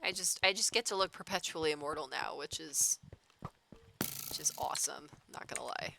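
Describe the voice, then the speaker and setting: A woman's voice: deep voice, normal speed, gravelly, noisy background. A woman chatting casually while she plays a game, talking in loose run-on sentences full of "like". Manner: chatty, full of filler "like", laughs often. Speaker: gaming streamer.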